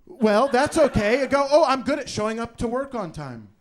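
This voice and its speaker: A man hosting a live improv comedy show who rambles loudly, swears and laughs. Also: very high voice, very animated, moderate pace. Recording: live room with audience noise.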